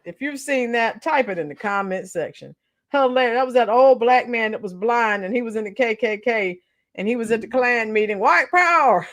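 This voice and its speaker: A woman hosting a live stream, chatting casually, laughing often and reacting to viewer comments. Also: fairly high pitch. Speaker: channel host reading live chat.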